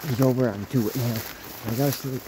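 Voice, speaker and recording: A man in his thirties vlogging while hiking through the woods, excitable and swearing freely, talking to his dog as he goes. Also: mid-range voice, fast talker, background noise. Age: 30s. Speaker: outdoors vlogger. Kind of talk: casual walking vlog. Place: outdoors in woods.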